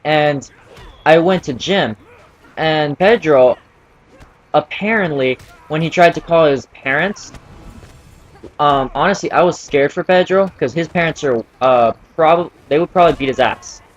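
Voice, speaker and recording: A man's voice: on the high side, measured pace, dull audio. A teenage boy casually telling a story from school, rambling with many fillers and restarts. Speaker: vlogger.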